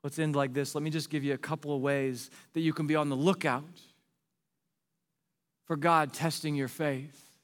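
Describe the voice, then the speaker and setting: A man's voice: fairly high pitch, steady tone, moderate pace, pauses often, in a large hall. A male pastor preaching a sermon in an earnest, pleading way, repeating rhetorical questions to the congregation.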